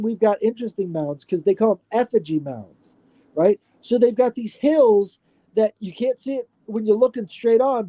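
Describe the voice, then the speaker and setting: Dark-voiced man lecturing on a podcast. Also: extremely high pitch, no echo. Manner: animated, profane, lecturing. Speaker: podcast guest. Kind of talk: casual podcast chat.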